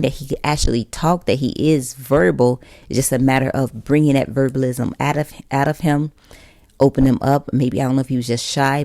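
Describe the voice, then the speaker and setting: A woman's voice: extremely low pitch, mellow, no room sound, studio quality. A young woman hosting a casual podcast, talking straight to her listeners, chatty and direct. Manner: chatty and direct, addresses listeners as you guys. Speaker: podcast host.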